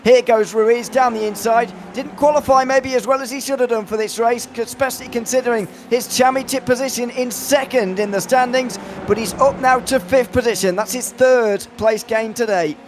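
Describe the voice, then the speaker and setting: A man commentating an online sim race, chatty and self-deprecating, with quick asides. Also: extremely high pitch, fairly even intonation, a little hiss or hum.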